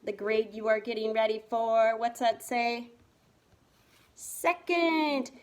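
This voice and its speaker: A woman's voice: on the high side, steady tone, slow pace. A woman teaching a reading lesson to first graders, spelling words letter by letter in a patient, encouraging way. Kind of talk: remote reading lesson for young children.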